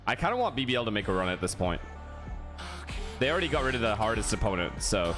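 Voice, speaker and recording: A man's voice: fairly low pitch, very animated, fast, over music. A man streaming and casually chatting with viewers in laid-back slang over a match broadcast. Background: broadcast audio playing.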